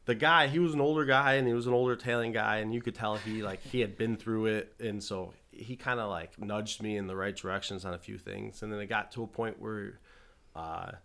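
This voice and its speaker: A man's voice: lowish voice, steady tone, fairly quick, vocal fry, fairly bright tone. A man telling stories as a guest on a casual podcast, easygoing and laughing often. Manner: easygoing storyteller, hesitant restarts, laughs often. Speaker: guest grower.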